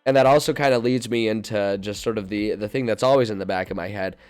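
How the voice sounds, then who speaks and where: A low-voiced man in casual livestream chat, rambling and doubling back on himself as he talks. Faint music plays behind him. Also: fast talker, smooth. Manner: rambling, self-interrupting, laughs often. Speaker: streamer and game master.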